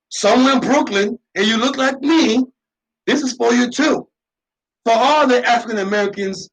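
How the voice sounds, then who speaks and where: Man, high voice, talk show host, impassioned, repetitive, emphatic monologue. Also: fairly bright tone, low-quality recording.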